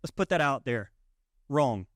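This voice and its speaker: A man's voice: mid-range voice, normal speed, no room sound, studio quality. A man preaching a sermon as pastor, conversational and emphatic, with rhetorical questions to the congregation. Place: church sanctuary.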